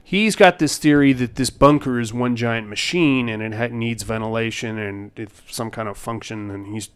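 A man's voice: medium pitch, normal speed, smooth. A man hosting a casual chat, recapping a movie in a rambling, laid-back way and swearing freely.

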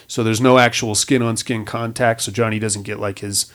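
A man's voice: fairly low pitch, steady tone, normal speed, fairly bright tone. A man casually recapping a movie plot, rambling and swearing with wisecracks. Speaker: podcast host.

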